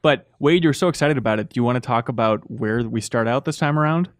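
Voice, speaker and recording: A man hosting a casual group discussion, asking quick, curious questions with a teasing edge. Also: mid-range voice, no room sound, studio quality. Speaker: podcast host.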